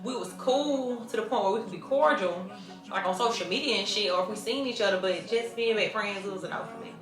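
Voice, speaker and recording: A woman's voice: mid-range voice, a little fast, roomy sound, music in the background. A woman, telling stories in a blunt, profane, conversational Q&A vlog. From Mobile, Alabama, US. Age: 20s. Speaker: vlogger. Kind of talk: casual Q&A storytelling.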